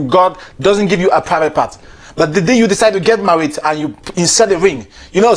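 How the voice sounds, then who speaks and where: A comedian host delivering a playful comic monologue and often laughing through his lines. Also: a little high. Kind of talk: stand-up style comic monologue.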